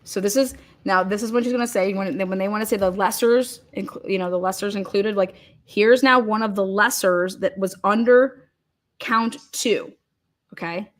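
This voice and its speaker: A woman hosting a show, pausing a replayed court recording to comment in an indignant, emphatic way and repeating her words. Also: medium pitch. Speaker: show host.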